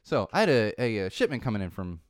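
A man's voice: lowish voice, sing-song, fast, no echo, clean studio sound. A man hosting a podcast, rambling through a casual monologue that turns into an indignant rant. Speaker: podcast host. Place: Los Angeles.

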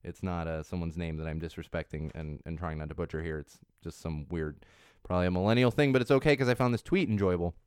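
A man in his thirties hosting a casual talk segment, rambling along and correcting himself as he goes. His voice sits a little low and comes through smooth and clear. The sound is dry and close, with no room echo. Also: fast talker, darkish tone. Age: 30s. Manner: chatty, rambling, self-correcting with frequent restarts. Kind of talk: casual chat on social trends.

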